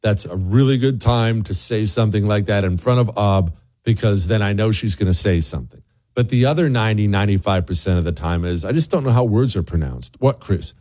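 A man hosting a talk radio show, delivering an opinionated monologue in a sarcastic way, with his voice leaping up high when he mocks something. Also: a little fast, a little mellow. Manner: sarcastic, with big swooping pitch jumps for mockery.

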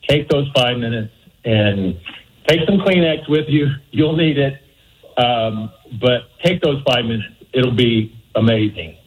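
Male caller, earnest, friendly, advice-giving, middle pitch. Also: a little slow, low-quality recording. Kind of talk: phone-in advice.

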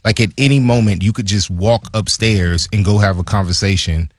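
A man's voice: moderate pace, husky, no room sound, clean studio sound. A man, a former player co-hosting a casual sports talk show and telling stories animatedly. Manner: animated storyteller, acts out quotes in a higher voice. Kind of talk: casual sports chat, storytelling.

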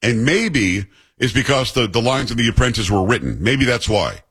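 Blunt man with a husky voice. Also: mid-range voice, very animated, normal speed, fairly bright tone. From New York. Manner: blunt, sarcastic, conversational. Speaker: host. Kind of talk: political commentary.

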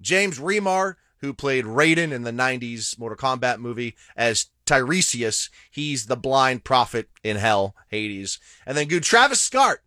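Bright-voiced man chatting about movies. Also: medium pitch, lively intonation, measured pace, hardly any pauses, no echo, clean studio sound. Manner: reads cast list, jokey asides. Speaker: podcast co-host. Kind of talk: casual movie review chat.

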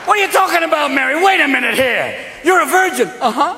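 An exasperated Joseph, as a comic acts him out yells in a high, strained voice. He nags and complains with rough, working-class bluster. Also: animated, quick pace, roomy sound, big-room sound, heavily acted. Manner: exasperated, yelling, nagging.

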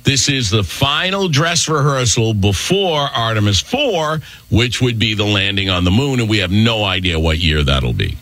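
A man's voice: lowish voice, very animated, moderate pace, few pauses, fairly bright tone, no echo. A man hosting casual morning radio chat, joking and bantering with a guest.

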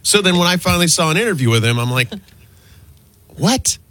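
A man's voice: fairly high pitch, animated, racing, bright, forceful tone, no echo. A man co-hosting a morning radio show, arguing his point with emphatic indignation. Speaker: radio co-host.

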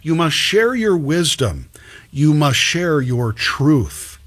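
Man mimicking a fawning wealthy admirer, mocking tone, husky voice. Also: on the high side, big pitch swings, slow, a bit bright, heavily acted. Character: gushing wealthy liberal admirer, adult, fawning.

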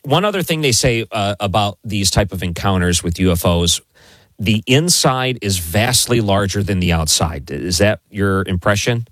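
A low-voiced man hosts an interview in a dry studio sound. He asks steady, probing questions and recaps the guest's story back to him. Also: moderate pace, dry recording. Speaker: interview host.

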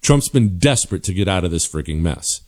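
Male commentary host, low dark voice, combative and sarcastic, hammering points home. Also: animated, a little fast. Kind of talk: opinionated monologue.

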